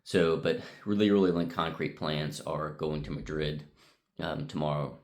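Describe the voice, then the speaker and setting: Man, middle-aged, very low voice, flat monotone, rambling vlog chat, lots of ums, hotel room. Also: normal speed, gravelly. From United States. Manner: rambling with frequent ums and uhs. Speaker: vlogger. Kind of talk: casual vlog recap.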